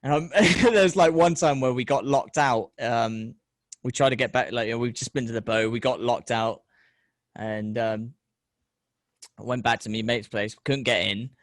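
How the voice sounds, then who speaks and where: A man's voice: mid-range voice, normal speed, no echo. Man telling rambling, sweary stories. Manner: swears a lot, rambling storytelling with animated voices. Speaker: podcast host. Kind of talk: casual chat.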